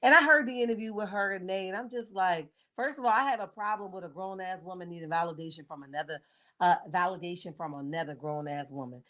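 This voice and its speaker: A woman's voice: lowish voice, fast, pushed and bright. Sassy woman in her forties hosting a live chat. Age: 40s. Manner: sassy, blunt, keeps checking in with "okay?"; greets viewers by name as they join. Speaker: livestream host. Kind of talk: casual live-chat commentary on reality TV.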